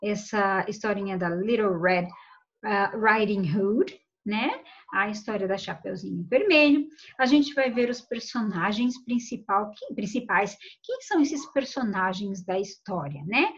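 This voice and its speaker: A Brazilian woman English teacher talking to young pupils in an online class, often checking in with them. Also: a little high. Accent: Brazilian Portuguese. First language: Portuguese. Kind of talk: casual online class talk. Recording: dull lo-fi online audio.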